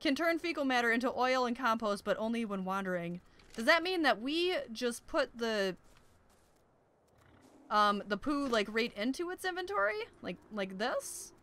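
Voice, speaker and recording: Young woman let's-play host, high bright voice, excitable and giggly. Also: normal speed. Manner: excitable, shrieks and laughs at in-game danger. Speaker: gaming YouTuber.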